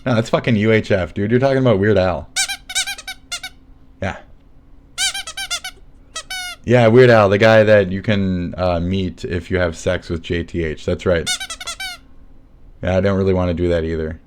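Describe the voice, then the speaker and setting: A man's voice: low-pitched, steady tone, moderate pace, pauses often. A man livestreaming, rambling sardonically and mumbling replies to his chat. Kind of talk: rambling live stream chat. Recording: noisy background.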